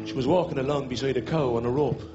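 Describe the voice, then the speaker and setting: On stage before a live audience, a Dublin man in a mid-range voice does stand-up at a quick pace, telling jokes as stories and breaking into snatches of song. The live recording sounds dull, with music and audience audible.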